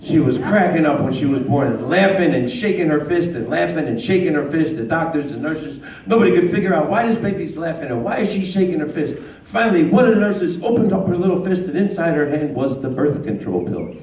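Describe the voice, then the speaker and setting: A man's voice: a little high, expressive, fairly quick, few pauses, a little mellow. A man in his fifties doing a stand-up comedy set, with punchy joke delivery and voiced characters. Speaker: stand-up comic. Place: small comedy club stage. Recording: echoey room, distant mic, faint noise.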